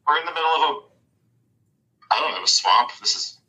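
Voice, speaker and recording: A man's voice: a little high, expressive, moderate pace, pushed and bright, pitched above the performer's own voice, poor audio. A man voicing Magic Mike, a joking male adventurer who laughs often.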